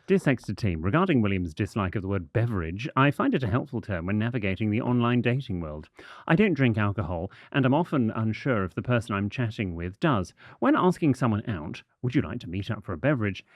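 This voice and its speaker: A man's voice: on the low side, very animated, brisk, dry recording, lo-fi sound. An English man co-hosting a casual podcast, reading listener letters aloud in an arch, mock-prim manner. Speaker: podcast co-host.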